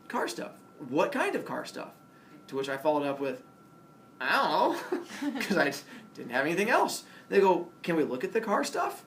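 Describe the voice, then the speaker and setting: A middle-aged man telling a humorous personal story, laughing as he acts out the voices of the people in it. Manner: animated, acts out voices of cops and friends with laughs. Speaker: storyteller speaking to a class. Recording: distant mic with faint rumble.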